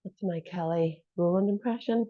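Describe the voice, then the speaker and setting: A woman's voice: on the low side, moderate pace. Chatty woman fitness instructor, lo-fi audio. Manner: chatty, encouraging cues with joking asides. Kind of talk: coaching a live workout class. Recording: dull lo-fi audio.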